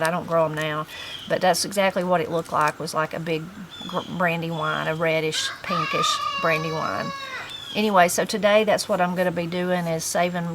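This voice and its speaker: Casual host: a middle-aged Appalachian woman with a lowish voice, rambling and folksy, faint clicks behind. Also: noisy background. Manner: rambling, folksy storytelling with fillers. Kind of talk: casual chat.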